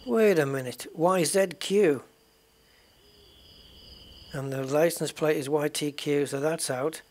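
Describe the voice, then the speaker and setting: A man hosting a let's play, quietly thinking aloud as he checks documents in a game. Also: on the high side, normal speed. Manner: quiet, muttering thoughts aloud. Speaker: gaming channel host.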